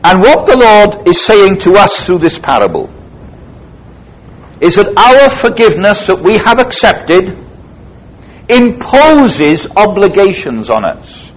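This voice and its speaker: On a rough recording, a man slowly preaches an expository sermon in a sing-song voice. He retells a parable with emphasis and drama, his pitch swinging widely.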